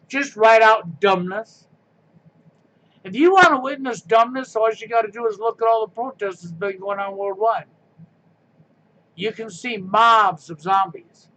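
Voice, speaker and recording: Sarcastic ranting man, high bright voice. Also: low-quality recording. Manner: sarcastic, mocking, blunt. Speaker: live streamer. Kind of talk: angry live-stream rant.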